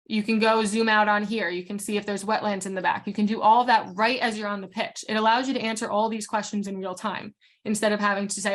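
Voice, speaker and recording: A woman leading a casual training session as a real estate coach. She is frank and talks quickly, full of fillers and restarts. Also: mid-range voice, little pitch movement.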